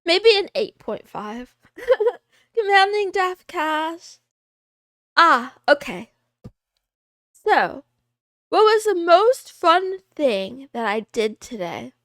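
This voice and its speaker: A woman's voice: very high-pitched, fairly bright tone, dry recording, clean studio sound. A woman streamer chatting casually on a livestream, giggly and playful, greeting viewers by name and slipping into a cat persona with meows. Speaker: VTuber streamer. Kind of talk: casual livestream chat, reading out viewer names.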